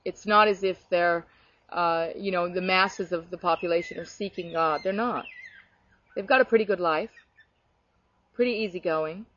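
A woman's voice: lowish voice, moderate pace, fairly bright tone, a little hiss or hum. A middle-aged woman from Australia, talking earnestly about faith in a casual chat and telling personal stories with many restarts. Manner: earnest, storytelling, frequent restarts. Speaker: Christian speaker. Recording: dull lo-fi recording.

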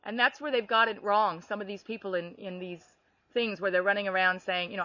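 Bright-voiced woman sharing a faith story. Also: medium pitch, brisk, dry recording, dull audio. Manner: animated storytelling with laughs. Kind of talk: faith testimony chat.

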